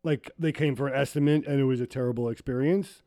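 A man's voice: medium pitch, steady tone, fast talker, mellow, no room sound, clean studio sound. A man co-hosting a casual podcast, bantering and laughing at himself. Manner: laughing, self-deprecating banter. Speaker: podcast co-host. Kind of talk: casual chat.

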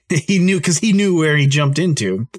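A man's voice: fairly high pitch, lively intonation, measured pace. A man hosting a podcast, telling a story in a casual, rambling way and laughing often. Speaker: podcast host.

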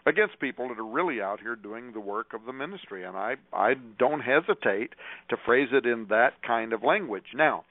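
An older male preacher speaks in an emphatic, preacherly manner, citing scripture chapter and verse. His voice sits at an ordinary pitch for a man. It comes through narrow and tinny like a phone line, bone dry with no room sound. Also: dry recording. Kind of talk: radio show monologue to listeners.

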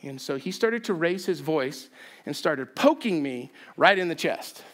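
A man preaching a sermon, telling a story with self-deprecating humor and an animated, chatty delivery. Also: a little high, measured pace. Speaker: pastor. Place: church sanctuary.

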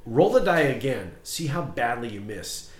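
A male podcast host tells stories with animated flair, acting out the scenes as he goes. His voice sits in the middle of the male range. The recording has a roomy echo around him. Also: mid-range voice, moderate pace. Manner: animated storytelling, acts out scenes. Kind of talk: casual chat.

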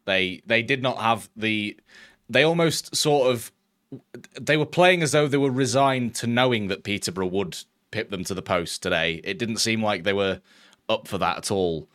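A man from England co-hosting a football podcast, casual and rambling, prone to laughter and excited outbursts. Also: on the low side, normal speed. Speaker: podcast co-host.

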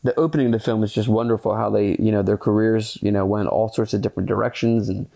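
Gravelly, rambling male podcast host. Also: lowish voice, quick pace. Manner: rambling, many fillers, earnest and excitable; swears casually. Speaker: podcast host reviewing a film. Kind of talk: casual solo chat.

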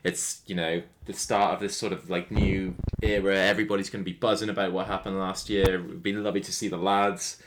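Guy hosting a footy podcast, low voice, chill and chatty, laughs a lot. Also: level tone, fairly quick, hardly any pauses. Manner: laid-back, chatty, laughs easily, swears casually. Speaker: podcast host. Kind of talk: casual football chat.

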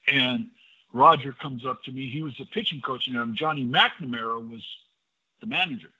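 An older man and former pitcher, a guest in an interview, telling anecdotes in a lively way and acting out the dialogue. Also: breathy edge. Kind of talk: storytelling in a casual interview. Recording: dull lo-fi audio.

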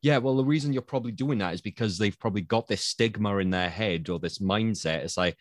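A man's voice: fast talker, no echo, studio quality. A man hosting a casual podcast as an actor, chatting animatedly and acting out quoted voices. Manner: animated, acts out quoted voices with big pitch jumps.

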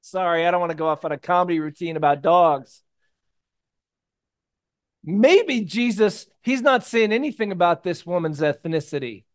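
Lively, joking male preacher. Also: high voice, normal speed. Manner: conversational and animated, swinging between hushed asides and loud bursts; jokey, tells personal stories. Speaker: pastor. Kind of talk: sermon.

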